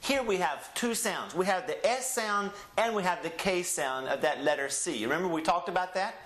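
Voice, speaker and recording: Speaking with a high, lively and slightly bright voice, a man from Southeast Texas leads a Spanish class in a reverberant space. He enunciates slowly, lingering on each word, then calls for the students to repeat it back.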